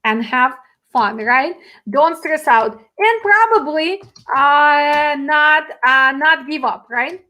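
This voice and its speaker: A woman who works as a host and dispatch trainer speaks in a high voice during a casual interview. She is animated and emphatic but slow, and she keeps repeating "you know what."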